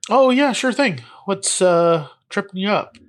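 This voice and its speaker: A man's voice: high-pitched, lively intonation, a little slow. A man plays a casual, helpful tutor in improvised comedy. He keeps his everyday voice, easygoing and plain.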